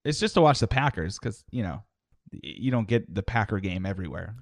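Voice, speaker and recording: A man's voice: fairly low pitch, sing-song, brisk, no echo, clean studio sound. A man co-hosting a casual chat, teasing and needling his partner. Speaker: podcast co-host.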